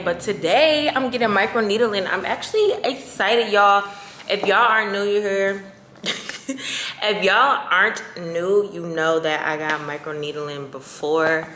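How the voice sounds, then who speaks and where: A woman's voice: mid-range voice, a bit bright. A woman vlogging casually from her bedroom, chatty and slangy, swearing freely and talking into a handheld phone camera. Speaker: lifestyle vlogger. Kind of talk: casual chatty vlog talk. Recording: echoey room with faint background noise.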